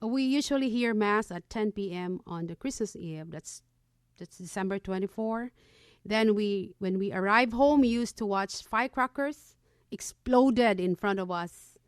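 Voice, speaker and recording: A woman's voice: mid-range voice, a little slow, smooth, no echo, clean studio sound. A woman from the Philippines co-hosting a community radio show, reading a prepared segment and listing items one by one. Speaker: radio co-host.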